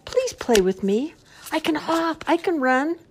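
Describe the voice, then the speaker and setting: A woman reading a storybook aloud, voicing an eager young male bunny who keeps calling out for friends in a high, bouncy voice. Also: expressive, unhurried, darkish tone. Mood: pleading. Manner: high pleading calls, bouncy and hopeful.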